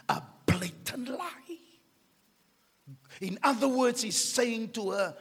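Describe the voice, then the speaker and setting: A man preaches a fiery sermon with a high, wildly swinging voice. His tone is gravelly and husky, and he drops from shouts to whispers. A long hall reverb trails every phrase. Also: expressive, slow pace. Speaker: pastor.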